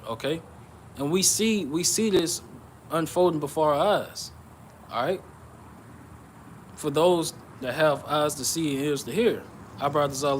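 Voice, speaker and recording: A man giving an informal sermon on prophecy, reading scripture aloud and explaining it, often checking in with "okay?" and "all right?" and pausing with "uh". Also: a little high, slight background noise. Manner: pauses with "uh" and restarts. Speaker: bible teacher.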